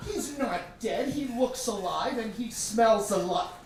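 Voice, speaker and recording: A man voicing an excited five-year-old girl who gushes over her pet. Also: sits high, a little slow, slight background noise, voice pushed up. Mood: indignant. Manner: squealing, gushing. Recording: echoey room from far off.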